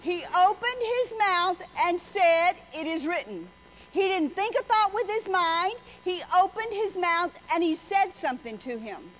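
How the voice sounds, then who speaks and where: A woman's voice: very high voice, big pitch swings, a little slow, a bit bright. A woman preacher delivering a folksy, joking sermon full of stories. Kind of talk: sermon with storytelling. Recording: slightly muffled with faint noise.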